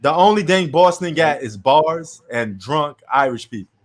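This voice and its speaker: A man's voice: fairly high pitch, expressive, normal speed, crowd noise. A man from New York hosting a casual sports chat, ranting bluntly and opinionatedly in slangy talk.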